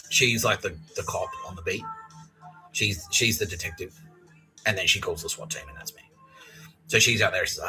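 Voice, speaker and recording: Deep-voiced, sweary podcast man. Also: normal speed, long pauses, sharp tone, soft background music, poor audio. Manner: profane, rambling, full of fillers. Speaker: podcast host. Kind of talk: rambling comic monologue.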